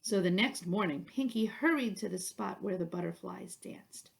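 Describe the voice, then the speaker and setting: A woman reading a children's picture book aloud in a slow, expressive way. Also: medium pitch, gravelly. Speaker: storyteller.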